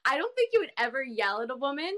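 A woman's voice: high-pitched, big pitch swings, quick pace, fairly bright tone. A young woman guesting on a podcast, talking hesitantly with lots of fillers and frequent laughs. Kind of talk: casual chat.

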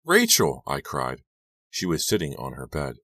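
A man reading a young-adult horror novel aloud, in a steady, measured manner. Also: a bass voice, no room sound, studio quality. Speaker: audiobook narrator. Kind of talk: scripted narration.

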